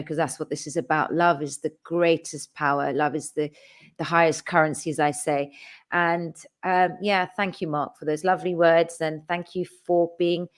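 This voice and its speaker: A woman hosting a casual chat, thanking her guest and viewers with feeling and frequent ums and restarts. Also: lowish voice. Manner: emotional, warm thanks with many ums and restarts; tearful, calls herself a crybaby. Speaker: host.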